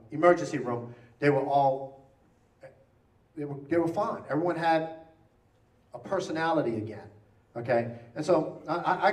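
A man preaching, telling a story in an animated way and acting out the lines of each person in it. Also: on the high side. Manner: animated, acting out quotes, repeats himself. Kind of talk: sermon storytelling. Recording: roomy church sound from a distant mic.

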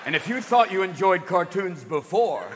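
A man playing a mock-solemn announcer reading a warning label, deep and deadpan. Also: moderate pace, long reverb tail. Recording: live theater show with crowd noise.

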